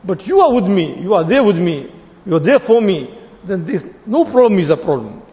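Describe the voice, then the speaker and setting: A man preaches in a high, lively voice that swings widely as he acts out the people in his story. The recording is dull and lo-fi, with a long reverb trailing behind him, as in a large prayer hall. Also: a little fast. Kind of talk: sermon with storytelling.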